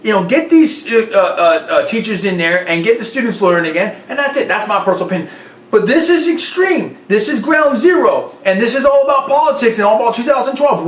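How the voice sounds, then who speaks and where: Emphatic high-voiced male commentator. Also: fairly bright tone. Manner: emphatic, repeats his points and keeps hedging with "personal opinion". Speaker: host of a political commentary show. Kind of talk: opinionated commentary. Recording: roomy echo.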